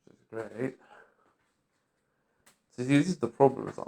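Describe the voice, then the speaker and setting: A man's voice: mid-range voice, normal speed, long pauses, darkish tone. A man talking bitterly in an agitated, profane vlog rant. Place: London street.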